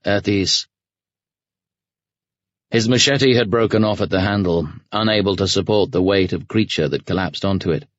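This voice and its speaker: A man reading a novel aloud in an even, measured audiobook narration. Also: deep voice, no room sound. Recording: dull dry studio recording.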